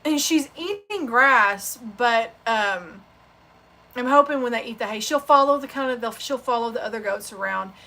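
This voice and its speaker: A woman hosts a sewing channel livestream and chats in a loose, rambling way. Her stories come out heartfelt and unpolished. Her voice sits a touch high and sounds bright and forward. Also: expressive, moderate pace. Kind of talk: casual livestream chat.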